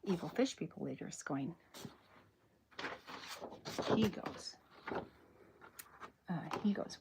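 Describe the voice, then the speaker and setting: A woman chatting in a soft-spoken, whispery way during an ASMR drawing livestream, rambling and correcting herself as she goes. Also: on the low side, expressive, slow, vocal fry, pauses often, very noisy. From American South. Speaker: cartoonist streaming live.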